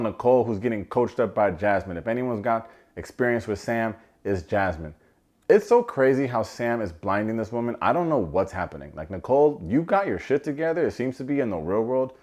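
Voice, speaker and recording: A man giving a casual comedic recap of a reality show, full of sarcastic asides. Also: on the low side. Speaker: TV recap reviewer.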